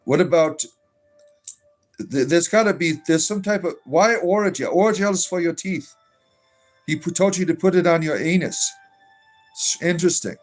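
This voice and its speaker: A man with a slightly high, darkish voice streams as a joking druid bard. He reads chat in a casual livestream, reacting to messages and blessing his viewers.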